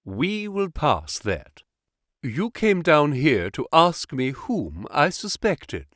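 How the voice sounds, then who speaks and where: A man reading an audiobook, voicing a calm, commanding detective who speaks in a crisp, precise, insistent way. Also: fairly high pitch, takes it slowly, dry recording, clean studio sound, pitched above the performer's own voice, exaggerated voice. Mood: calm, assured. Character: cool, commanding male detective, calm and assured.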